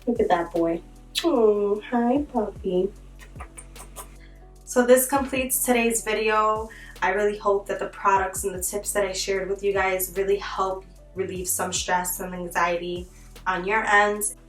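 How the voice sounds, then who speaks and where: A woman's voice: mid-range voice, flat delivery, moderate pace, a bit bright, distant mic. A young woman speaks candidly to her viewers in a chatty, heartfelt way. Her voice is picked up from a little way off the mic in a reverberant room, with faint music underneath. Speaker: vlogger. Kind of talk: casual vlog talk to camera.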